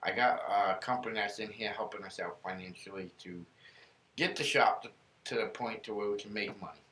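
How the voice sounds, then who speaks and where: Man, podcast host, earnest rambling storyteller, bright voice, echoey room. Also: lowish voice, fairly quick. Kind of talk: casual faith podcast talk, storytelling. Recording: roomy room echo.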